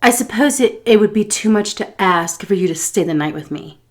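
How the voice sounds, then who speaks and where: A woman's voice: mid-range voice, expressive, moderate pace, natural voice. A woman voicing a cranky elderly female client with a snide, guilt-tripping manner. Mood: sarcastic.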